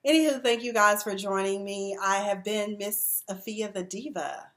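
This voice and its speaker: A woman in her forties talks through a TV episode like she's telling a friend, chatty and full of slang. She sounds emotional, with her voice sitting at an ordinary middle pitch. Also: moderate pace. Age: 40s. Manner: chatty, expressive storytelling with slang. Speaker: TV review vlogger. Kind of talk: casual TV episode recap.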